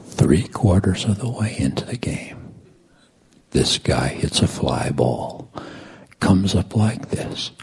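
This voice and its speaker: A middle-aged man preaching a sermon as a story. He tells it dramatically, swinging from loud lines to hushed whispers. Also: low voice, big pitch swings, takes it slowly. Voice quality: gravelly, raspy.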